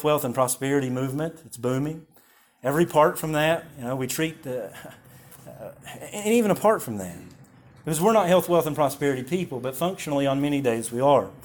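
A man delivering a sermon in a slightly high voice, stumbling over repeated words as he works toward a point. He swings from hushed stretches to loud, heated peaks. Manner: repeats words when building a point, rises to intense peaks. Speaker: pastor.

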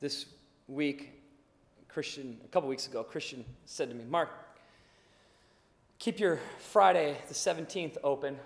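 A higher-pitched male pastor preaching in a hall, his voice trailing off into a long reverb. He tells his story with animated energy, jumping into the voices of the people in it. He drops low and quiet for the serious points. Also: unhurried, vocal fry, pauses often. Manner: animated storytelling, acts out dialogue, laughs along. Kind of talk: sermon with storytelling.

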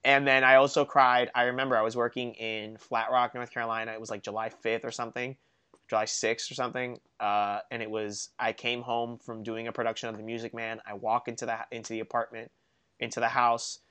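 A young man co-hosting a casual sports podcast, telling stories in an animated, self-mocking way. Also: medium pitch, a little fast, smooth. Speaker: podcast co-host.

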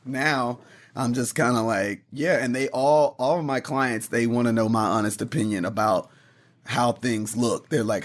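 A man who manages a brand, chatting casually and telling stories with lively quoted voices. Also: medium pitch, moderate pace. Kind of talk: casual chat.

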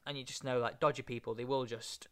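A young man telling a lively anecdote in casual chat, acting out the other people's lines. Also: medium pitch, fast talker, clean tone. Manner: animated, acts out other voices.

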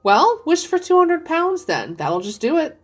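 A woman's voice: very high-pitched, very animated, measured pace, voice pushed up, heavily acted. A woman voicing a playful young man in a story reading, mocking and joking. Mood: teasing. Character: teasing, joking young adult son.

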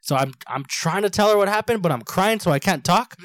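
A man's voice: high-pitched, animated, fairly quick, fairly bright tone, no echo. A man in his twenties, a podcast co-host telling a long story in casual chat, rambling, laughing often and swearing freely.

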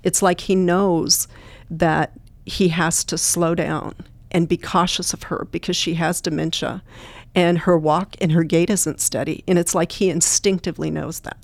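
A woman's voice: on the low side, steady tone, measured pace, creaky, no room sound. A woman guest who trains therapy dogs, telling earnest, plain-spoken stories in an interview. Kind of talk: storytelling interview answers.

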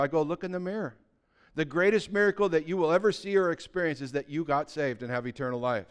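A man preaching a sermon to a congregation in a church, moving between quiet, close asides and excited, shouted emphasis. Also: a little high, brisk, clean tone. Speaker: pastor.

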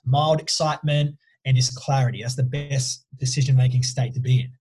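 A man's voice: mid-range voice, steady tone, brisk, darkish tone, slightly rough. A man, a mindset coach and guest, talking casually and emphatically, often checking in with "right?". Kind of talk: casual storytelling interview.

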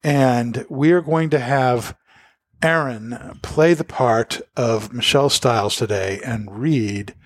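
A man's voice: mid-range voice, slow, dry recording. A middle-aged man co-hosting a casual podcast, rambling and talking loosely. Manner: rambling, lots of fillers and restarts. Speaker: podcast co-host. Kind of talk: casual chat.

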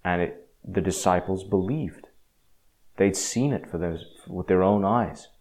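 A man giving a casual, rambling talk on faith, often restarting his sentences and swinging from quiet to emphatic. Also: low voice, a little slow. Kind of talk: casual religious monologue.

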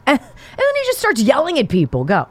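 A woman's voice: high-pitched, huge pitch swings, quick pace, dry recording. A woman hosting a political talk show, delivering sarcastic, mocking commentary.

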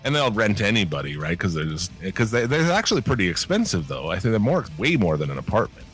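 Deep-voiced man telling stories profanely. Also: fast talker, faint music behind. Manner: profane, animated storyteller. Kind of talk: casual chat.

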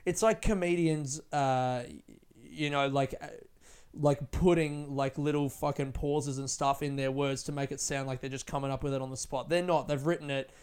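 A man's voice: medium pitch, fairly even intonation, moderate pace, darkish tone, clean tone. A man hosting his own podcast in casual solo chat from a friend's living room, rambling, laughing and swearing freely as he mocks himself. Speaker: podcast host.

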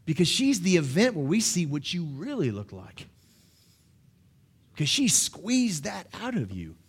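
Man, middle-aged pastor, sermon, high voice, lively swinging pitch, jokey, acts out quotes. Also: husky.

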